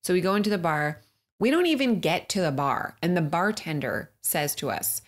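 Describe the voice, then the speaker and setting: A woman with a notably low voice tells a story on a podcast. Her chat is casual and animated, with easy swearing and frequent laughter. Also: moderate pace. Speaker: podcast co-host.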